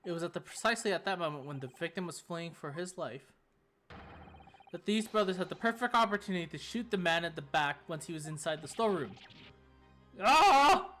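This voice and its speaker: A man's voice: on the high side, fast talker, a bit bright, faint music behind. A man streamer reading courtroom dialogue from a game earnestly, stumbling and restarting now and then. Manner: reads courtroom lines earnestly with small slips and restarts. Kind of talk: let's-play dialogue reading.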